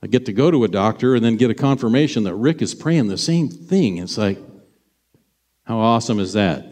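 A middle-aged male pastor tells stories from the pulpit in a chatty, conversational sermon. His voice sits at an ordinary pitch and now and then jumps up in sudden bursts of emphasis. A long reverb trails each phrase through the church sanctuary. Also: expressive, a little fast, darkish tone.

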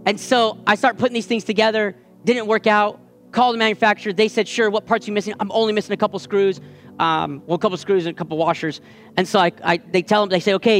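A man in his thirties preaching a sermon, telling a family story with lively impressions of the people in it. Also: sits high. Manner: animated storytelling, acting out the voices of his daughter and others. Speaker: pastor.

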